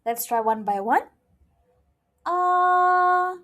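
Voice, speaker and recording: A woman's voice: fairly high pitch, sing-song, measured pace, warm tone, breathy edge. A woman teaching a friendly beginner Mandarin lesson, often checking in with "okay?" in a playful, encouraging way.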